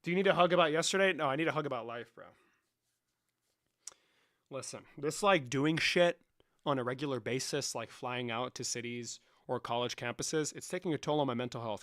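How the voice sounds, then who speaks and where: A man's voice: mid-range voice, a little fast, a bit bright. A young adult man streaming live, chatting casually with his chat in a profane, rambling and joking way. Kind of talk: casual livestream chat, answering chat.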